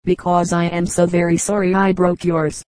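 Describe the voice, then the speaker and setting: A woman's voice: on the low side, flat delivery, normal speed, darkish tone, no echo, natural voice. A woman voicing a girl, a sulky and cross older sister, in a storybook reading, speaking curtly. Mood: earnest. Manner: cross, curt.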